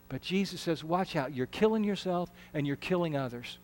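A man delivers a sermon in an earnest, conversational way, stumbling and restarting phrases as he goes. His voice sits notably high for a man. The sound carries a long reverb from the church sanctuary around him. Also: animated, normal speed, few pauses. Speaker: pastor.

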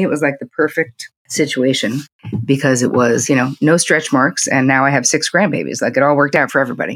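A woman's voice: very deep voice, breathy edge, no echo. A middle-aged woman, a psychotherapist, talking candidly and animatedly as a podcast guest. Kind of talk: podcast interview.

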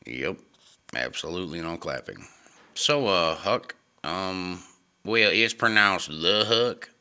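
A young man hosting an amateur comedy podcast, hesitant and deadpan, with many pauses. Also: deep voice, smooth. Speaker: host.

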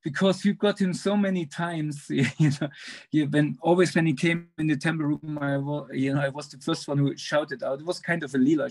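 Halting man with a gravelly voice. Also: fairly high pitch, fairly even intonation, a little mellow. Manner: halting, searching for words, laughs between phrases. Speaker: devotee sharing a memory. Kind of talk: casual online satsang sharing. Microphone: video call.

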